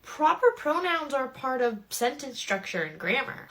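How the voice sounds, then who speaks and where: A young woman playing an exasperated teacher in a comedy sketch, with deadpan asides. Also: sits high, normal speed, hardly any pauses.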